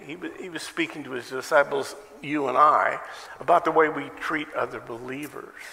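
A man's voice: mid-range voice, moderate pace, vocal fry, bright, forceful tone, long reverb tail. A male pastor preaching a sermon in a conversational way, asking many questions and adding self-deprecating asides. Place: church sanctuary.

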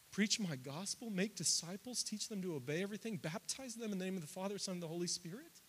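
A man in his thirties preaching a sermon, climbing loud and high through lists and quoted prayers, then dropping low and quiet. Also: lively intonation, a little fast, breathy edge. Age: 30s. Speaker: pastor.

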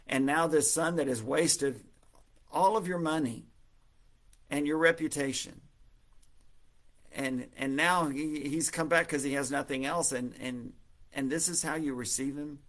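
A man voicing a resentful, hardworking elder brother who indignantly complains, with a gravelly voice. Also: fairly high pitch, measured pace, pauses often, fairly bright tone. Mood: aggrieved. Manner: indignant, sulking.

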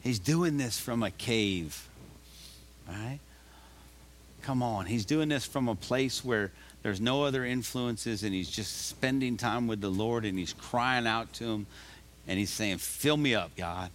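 A man's voice: medium pitch, unhurried, a little hiss or hum. A male pastor preaching a sermon in a conversational style, often rising to emphatic calls to the congregation. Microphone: live recording of a church service.

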